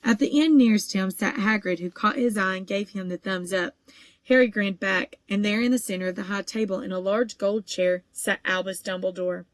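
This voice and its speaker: A woman narrating a children's novel at an easy, steady pace, stumbling now and then on a word. Her voice sits at an ordinary middle pitch. The room is dead and dry, close to the mic. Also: normal speed, dry recording. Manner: steady, even storytelling with occasional small stumbles. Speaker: audiobook reader. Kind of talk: audiobook narration.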